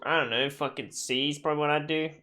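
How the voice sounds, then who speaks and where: Slightly high-voiced joking streamer. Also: male voice, steady tone, fast, sharp tone. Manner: reads dialogue options aloud, joking. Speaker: game streamer. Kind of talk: live gameplay commentary.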